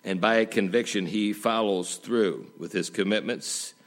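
Conversational male pastor preaching. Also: a little slow. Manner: conversational preaching with rhetorical questions and folksy jokes; dynamic, swinging between emphatic highs and quiet drops. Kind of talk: sermon.

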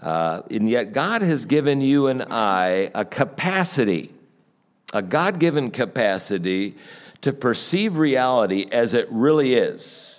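Male preacher, lowish smooth voice, relaxed storytelling sermon. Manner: storytelling, conversational, frequent "uh". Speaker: pastor.

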